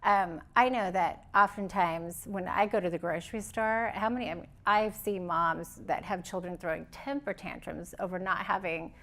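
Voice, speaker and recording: A woman's voice: fairly low pitch, normal speed, few pauses, fairly bright tone. A woman host asking curious follow-up questions in an interview. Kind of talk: conversational interview.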